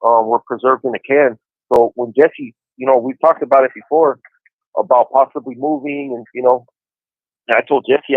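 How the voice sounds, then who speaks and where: This incarcerated caller, a man in his forties, speaks at a normal speed in an animated, medium-pitched voice. He tells his story in a casual, easygoing phone chat with a podcast, using "you know" a lot. There's no room sound, just a tinny prison phone line on a handset.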